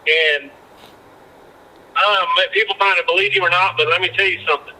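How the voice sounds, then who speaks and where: A man's voice: sits high, steady tone, fairly quick, pushed and bright, rough recording. A man who used to be a fishing guide, telling rambling anecdotes with many restarts as a podcast guest. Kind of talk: casual storytelling chat.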